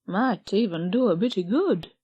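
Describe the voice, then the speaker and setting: A woman reading an audiobook, voicing an easygoing middle-aged male gardener who speaks mildly in plain country dialect with a lowered voice. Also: lively intonation, moderate pace, warm tone, breathy edge, no room sound, lo-fi sound. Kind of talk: audiobook character voice.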